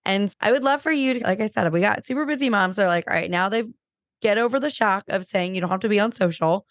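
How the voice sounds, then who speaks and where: Woman podcast host; enthusiastic, chatty, mid-pitched, dry close recording. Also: fast, no echo. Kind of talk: casual interview chat.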